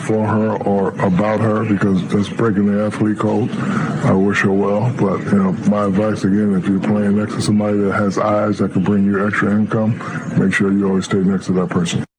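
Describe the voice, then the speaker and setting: Man in a played-in interview clip, low and flat delivery, noisy background. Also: brisk. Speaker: athlete giving advice in an interview clip. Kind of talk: interview answer.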